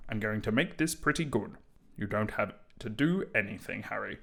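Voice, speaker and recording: A man voicing a stern, menacing male professor with slow, ominous lines. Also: fairly low pitch, expressive, gravelly.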